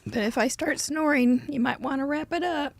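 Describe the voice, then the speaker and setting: A woman with a high, squeaky voice hosting a live crafting show, chatty and giggly with playful exclamations. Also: normal speed, creaky, no echo. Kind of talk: casual chat during a live craft show.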